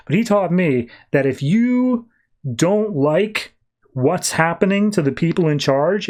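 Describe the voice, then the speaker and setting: A man on a podcast retelling a comic book issue in a casual, animated way, briefly slipping into the characters' lines. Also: mid-range voice. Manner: animated retelling with quick quoted voices. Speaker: podcast host.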